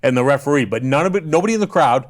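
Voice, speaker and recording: A man's voice: on the high side, expressive, very fast. A man, a former wrestler, telling rambling stories with crude jokes as a guest on a casual podcast. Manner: rambling storyteller, crude joking, restarts often.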